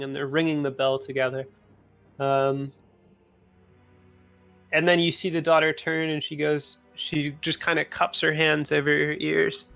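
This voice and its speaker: A man with a gravelly, slightly high voice narrates a tabletop game as its game master. He talks in an easygoing, unhurried way, often pausing on fillers. Soft music plays underneath.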